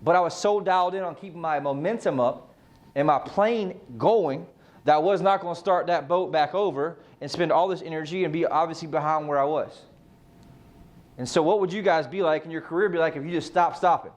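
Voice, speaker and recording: Fairly high-voiced man coaching a team. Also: brisk. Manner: casual, fires rhetorical questions, swears freely. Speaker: real estate team coach. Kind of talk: motivational team meeting talk.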